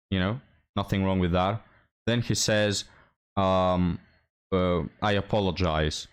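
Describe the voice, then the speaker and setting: A man's voice: lowish voice, clear, resonant tone. A young man hosting a reaction commentary, sarcastic and mocking, talking straight to his viewers. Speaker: commentary host.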